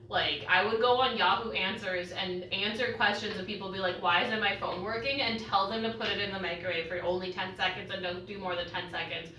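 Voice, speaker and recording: A young woman casually vlogs while cooking in her home kitchen, joking and swearing freely, her eyes teary from cutting an onion. Her mid-range voice has a sharp tone and comes from a mic set back in an echoey room, with slight background noise.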